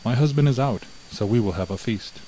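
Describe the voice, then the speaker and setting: A man's voice: mid-range voice, fairly quick, dark tone, slight background noise, pitched above the performer's own voice, close to an everyday voice, low-quality recording. Man voicing a flustered, deceitful wife.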